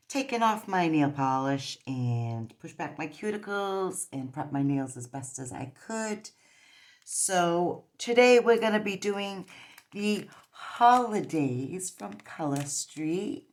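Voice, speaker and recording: A woman's voice: lowish voice, expressive, slow pace, darkish tone. A woman chatting casually through a nail strip tutorial, rambling with lots of fillers. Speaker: nail polish vlogger.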